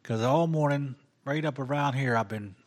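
A man's voice: medium pitch, moderate pace. Hesitant man, off-mic. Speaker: prayer team member. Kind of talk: prayer ministry invitation.

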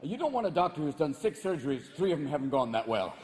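A man's voice: fairly high pitch, big pitch swings, fast talker, darkish tone, in a large hall. A male stand-up comedian performing live, manic and profane, jumping into voices. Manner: manic, swearing, leaps into voices. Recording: live stand-up with crowd laughter and noise.

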